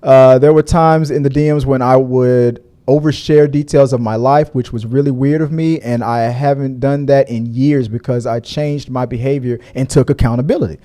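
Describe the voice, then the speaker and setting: A man hosting a casual online show, chatting loosely, laughing often and now and then breaking into high mocking voices. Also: dark tone. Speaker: podcast host. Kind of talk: casual chat.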